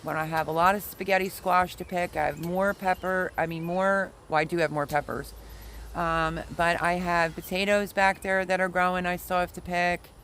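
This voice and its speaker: A man's voice: high voice, little pitch movement, moderate pace, pushed and bright. A man hosting a casual livestream from his backyard garden, chatting in a rambling way and answering viewer comments. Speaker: livestream host, home gardener. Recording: noisy outdoor ambience.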